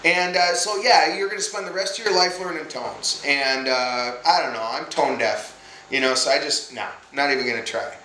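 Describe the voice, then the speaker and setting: A man hosting a casual language video, chatty and animated, with fillers and jokes, recorded in an echoey room with faint background noise. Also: on the high side, moderate pace. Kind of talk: casual explainer to camera.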